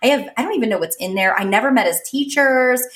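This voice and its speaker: A woman in her thirties, co-hosting a podcast, telling stories in a casual, animated way and laughing often. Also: on the high side, quick pace, echoey room. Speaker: podcast co-host. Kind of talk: casual chat.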